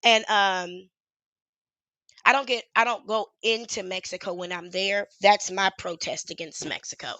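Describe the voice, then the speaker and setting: A woman's voice: medium pitch, fairly even intonation, measured pace, bright, forceful tone, dry recording. A woman YouTuber in her thirties talking in a casual, rambling livestream chat, frank and swearing freely.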